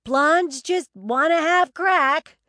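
A woman's voice: expressive, takes it slowly, dry recording. Lady doing a perky new blonde, squealy and flirty, dry close mic. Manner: high, giggly, flirty. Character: flirty single New Yorker woman.

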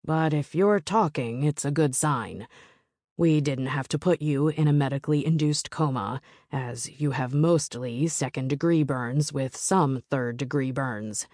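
A measured hospital doctor, read by a woman, explaining things plainly and calmly in a low, unhurried voice. The audiobook sound is close and dry. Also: no room sound. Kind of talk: audiobook narration.

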